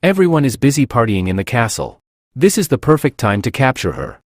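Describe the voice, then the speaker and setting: Casting: matón ambicioso, en voz del narrador, toma seca y cercana. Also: male voice, medium pitch, huge pitch swings, a little fast, darkish tone, dry recording, clean studio sound. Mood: eager. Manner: plainly read, barely acted. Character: adult male thug hunting an elf, greedy.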